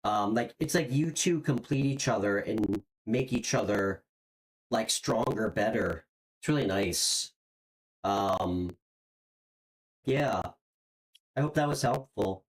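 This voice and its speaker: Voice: mid-range voice, lively intonation, slow pace, long pauses, low-quality recording. A tarot reader hosting a live stream, giving a casual, encouraging reading with lots of "um" and "like" and repeated words while searching for the next thing to say.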